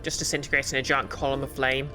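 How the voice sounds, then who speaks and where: A woman talking through a game on her stream in a loose, rambling way, full of ums and asides. Her voice is bright and mid-pitched, with faint music underneath. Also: flat delivery, fast talker. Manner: chatty, rambling with many fillers. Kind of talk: casual game stream chat.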